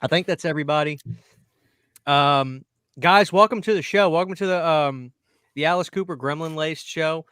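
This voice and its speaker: A man's voice: fairly high pitch, normal speed, a bit bright, clear, resonant tone, dry recording, studio quality. A man hosting a casual livestream, upbeat and reading out chat names. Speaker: livestream host.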